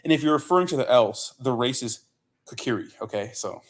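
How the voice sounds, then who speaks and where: Mid-range in pitch, expressive and a little fast, a young man hosts a livestream, reading viewer comments in casual chat. His talk is loose and profane, wandering along with lots of fillers and "bro."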